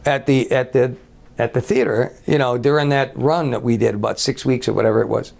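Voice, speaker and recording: A man's voice: mid-range voice, steady tone, a little fast, gravelly, darkish tone. A man from Brooklyn, a guest entertainer chatting on a talk show, laughing often and stumbling over his words. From Brooklyn, New York. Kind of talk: casual talk show chat, telling a joke.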